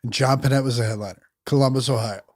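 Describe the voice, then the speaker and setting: A man comedian telling quick, enthusiastic anecdotes in a podcast chat. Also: medium pitch, steady tone, a little mellow.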